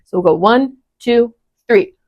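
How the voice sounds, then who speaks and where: A woman's voice: a little high, unhurried, muffled recording. A woman in her twenties teaching an online singing lesson, explaining step by step and encouraging with frequent check-ins. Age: 20s.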